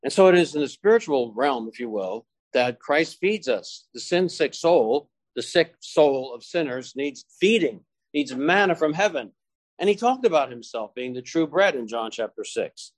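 A man preaching a sermon to his congregation, slowing down and stressing key phrases as he quotes scripture. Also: a little high, lively intonation, no room sound.

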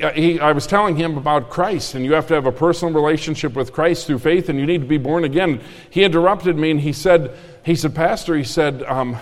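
A man's voice: fairly high pitch, big-room sound. A man preaching a sermon as pastor, telling a story in a frank, emphatic way.

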